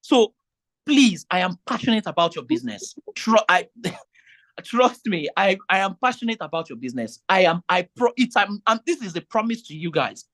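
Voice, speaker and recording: A man's voice: sits high, very animated, moderate pace, a bit bright. A man speaks as an event MC in a meeting with vendors. He is emphatic and pleading, and he often repeats himself and circles back to the same appeal. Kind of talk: meeting talk.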